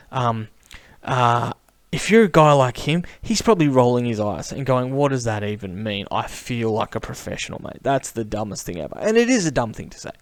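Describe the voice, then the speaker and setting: A man's voice: mid-range voice, no room sound. Chatty man, dry close sound. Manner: chatty, animated, says mate a lot. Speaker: camera vlogger. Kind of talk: casual enthusiastic monologue.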